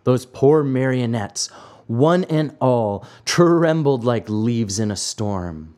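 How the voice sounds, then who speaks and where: A man reading a classic children's story aloud, slow and expressive. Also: medium pitch. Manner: slow, expressive, acts out the voices. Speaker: narrator.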